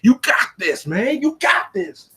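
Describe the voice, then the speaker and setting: An excitable troll hype man, put on by a man running a tabletop game, his voice pitched up high and eager. He eggs his boss on without pause. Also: slightly rough, full character voice. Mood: hyping.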